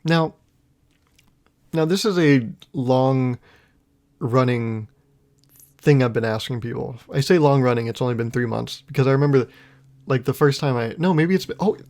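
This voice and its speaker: A man's voice: medium pitch, a little mellow. A young man hosting a solo podcast, rambling through a casual comedic monologue and laughing at his own jokes. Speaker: podcast host.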